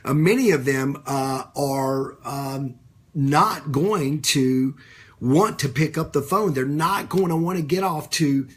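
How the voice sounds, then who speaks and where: Husky-voiced man coaching live. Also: fairly high pitch, slow pace. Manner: conversational, repeats phrases, many fillers; greets viewers by name mid-talk. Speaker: business coach. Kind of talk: live-streamed coaching talk.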